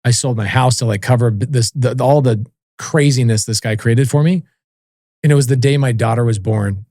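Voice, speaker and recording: A man's voice: medium pitch, moderate pace, mellow, no echo, clean studio sound. A man in his forties, a podcast guest telling stories casually and animatedly, acting out the voices of people he quotes and swearing offhandedly. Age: 40s. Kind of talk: casual storytelling interview.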